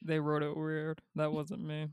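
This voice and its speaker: Low, flat woman co-host, dry deadpan reader, very clean voice. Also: a little slow, clear, resonant tone, no room sound. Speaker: podcast co-host reading listener messages. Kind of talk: comedic sibling banter.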